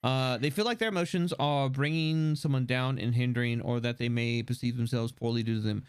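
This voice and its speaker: A young man hosting a casual livestream chat, joking and laughing often, with halting restarts. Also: medium pitch, clean tone, no echo, clean studio sound. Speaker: streamer host.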